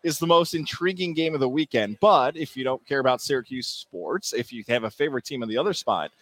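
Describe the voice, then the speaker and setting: A man co-hosting a podcast in casual sports chat, enthusiastic and full of shout-outs and game stats. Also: mid-range voice, lively intonation, brisk. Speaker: podcast co-host.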